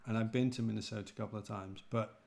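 A man's voice: lowish voice, fast talker, creaky. English man with a North Midlands accent. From England. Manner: relaxed, rambling, self-correcting. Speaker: preacher. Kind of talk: casual podcast chat.

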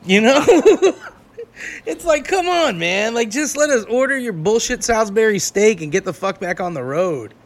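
High-voiced man telling crude road stories. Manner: crude, animated, quick to laugh. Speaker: touring performer. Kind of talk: raunchy casual storytelling.

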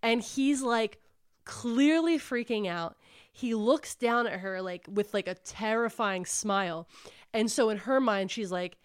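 A woman's voice: a little high, measured pace, smooth. A woman hosting a book club podcast, casually retelling a novel's plot and acting out the characters' lines. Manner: animated storyteller acting out quotes, says "like" often.

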